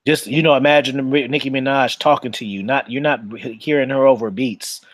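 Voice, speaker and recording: A man's voice: medium pitch, fairly even intonation, fairly quick, dry recording. A man co-hosting a casual, uncensored chat, talking in a boastful, profane, slick storytelling way. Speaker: podcast co-host.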